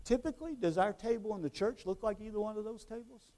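A man with a fairly high voice delivers a sermon. He talks conversationally, throwing rhetorical questions at his listeners, and moves between hushed, drawn-out phrases and loud, emphatic ones. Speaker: preacher.

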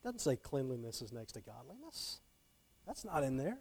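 A man's voice: medium pitch, sing-song, normal speed, a little mellow, breathy edge. A middle-aged man giving a conversational Bible teaching talk. He checks in with his listeners often and repeats words as he restarts phrases.

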